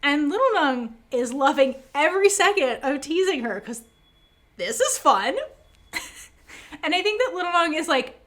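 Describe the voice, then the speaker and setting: A woman co-hosting a podcast, chatting casually and animatedly with lots of fillers as she recaps scenes. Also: high voice. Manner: animated, fast, many fillers, quotes characters. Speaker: podcast co-host.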